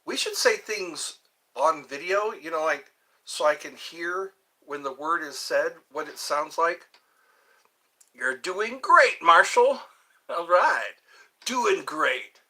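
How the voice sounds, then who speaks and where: A man's voice: a little high, animated, slow pace, bright, forceful tone. A man hosting a live stream, chatting in a rambling, playful way with viewers and saying he is a little tired. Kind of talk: casual live-stream chat.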